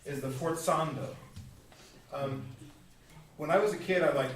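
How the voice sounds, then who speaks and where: A man's voice: fairly high pitch, unhurried, a little hiss or hum. A man coaching a string quartet in a masterclass, playful and given to vivid sound words. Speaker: masterclass teacher. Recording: echoey hall from far off.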